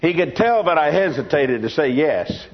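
A man from Texas with a Texan accent preaches a sermon full of folksy, humorous stories. His voice is on the high side and animated, moving at a moderate pace, and the sermon recording is dull and lo-fi.

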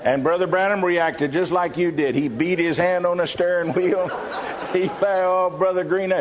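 A man's voice: sits high, fairly even intonation, unhurried, a crowd in the background, background noise. A man from Texas with a Texan accent, preaching a sermon full of folksy, humorous stories. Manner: folksy, humorous anecdote-telling. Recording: dull lo-fi sermon recording.

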